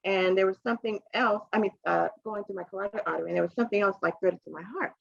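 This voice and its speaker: A woman tells a personal story in a casual podcast interview, mimicking the people in it with sudden high-pitched voices and frequent laughter. Her voice has a gravelly edge and sits at a middle pitch. The recording is dry and slightly muffled. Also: fast, dry recording. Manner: animated storyteller, acts out quoted voices with big pitch jumps, laughs often. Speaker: podcast guest, realtor.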